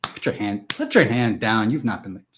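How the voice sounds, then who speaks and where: A man hosting a live stream and chatting with viewers in a goofy, rambling way, jumping from loud mock-indignant bursts to mumbled asides. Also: fairly low pitch, animated, moderate pace, a little hiss or hum. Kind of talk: joking live chat with viewers.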